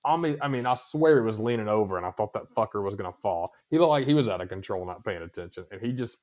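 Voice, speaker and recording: A man's voice: on the low side, quick pace. A man co-hosting a casual podcast, telling stories with plenty of cursing. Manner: profane, animated storytelling. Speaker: co-host.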